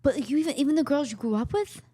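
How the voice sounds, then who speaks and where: A woman's voice: high-pitched, racing, mellow, no room sound, studio quality. A woman with a Bronx New York accent hosting a casual chat and talking enthusiastically. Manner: enthusiastic, gushing. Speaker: podcast host.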